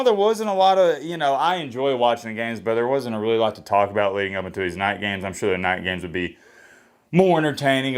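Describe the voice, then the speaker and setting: A man doing a solo sports reaction vlog. He talks in a blunt, opinionated way, with energetic swings in pitch and a slightly hoarse voice. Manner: opinionated, blunt trash talk. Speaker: sports vlogger. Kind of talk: solo college football reaction.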